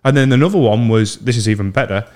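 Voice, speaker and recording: A young man hosting a casual podcast, telling animated stories and mimicking voices. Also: medium pitch, quick pace. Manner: animated storyteller, mimics voices in his anecdotes. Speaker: podcast host. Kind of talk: casual chat, storytelling.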